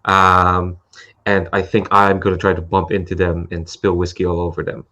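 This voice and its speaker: A man's voice: sits low, monotone, normal speed, pushed and bright. A man playing in a tabletop game, describing his character's moves hesitantly while thinking aloud. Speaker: player.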